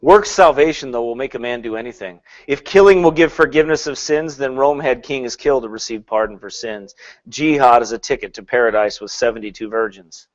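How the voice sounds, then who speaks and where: A man preaching a sermon in an animated way, swinging between loud and hushed, laughing often and mocking with put-on quotes. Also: mid-range voice, fairly quick, muffled recording.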